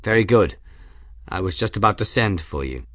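A man's voice: on the low side, animated, moderate pace, fairly bright tone, no room sound. A man voicing a grim, stern middle-aged airship captain who favors dry understatement.

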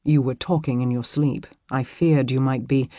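A narrator voicing Robert, a gentle old-world warrior. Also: medium pitch, normal speed, dry recording, clean studio sound, lightly acted. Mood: calm. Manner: old-fashioned speech, calm and tender. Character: gentle medieval warrior man, deep-voiced.

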